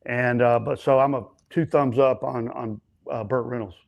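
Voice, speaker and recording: A stuntman and actor telling set stories as an interview guest, animated and chatty, acting out other people's lines. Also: medium pitch, normal speed, gravelly, muffled recording. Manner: frequent fillers and restarts. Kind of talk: casual storytelling interview.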